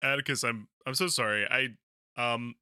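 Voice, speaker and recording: Man playing his rpg character all unsure and sorry, super bright voice, dry close sound. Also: medium pitch, fairly even intonation, normal speed, clean tone, dry recording. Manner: hesitant, apologetic. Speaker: player. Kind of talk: in-character role-play.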